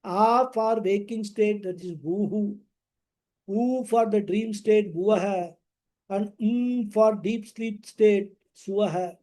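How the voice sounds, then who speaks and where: A male scripture teacher with a fairly high, very mellow voice. He explains in a slow, measured way, pausing between phrases and chanting Sanskrit verses now and then. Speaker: spiritual teacher. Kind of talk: scripture lecture.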